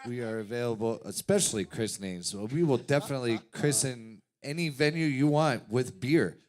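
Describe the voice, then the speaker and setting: A man's voice: medium pitch, normal speed, a little mellow. A man who plays guitar in a band, bantering in a laid-back, joking way in a studio. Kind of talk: casual live studio chat. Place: music studio with a small audience.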